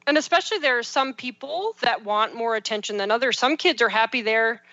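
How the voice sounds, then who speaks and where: A woman in her thirties, a parenting and life coach, chatting with lively, animated storytelling. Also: on the high side, a little fast, no echo, lo-fi sound. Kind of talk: casual chat.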